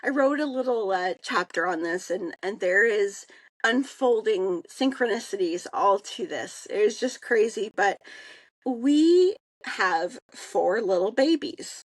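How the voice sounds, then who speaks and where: A woman, co-hosting a podcast and telling a casual story in an animated way, acting out the people she quotes. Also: mid-range voice, unhurried, dry recording, rough recording. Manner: animated, acts out quoted voices. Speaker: podcast co-host.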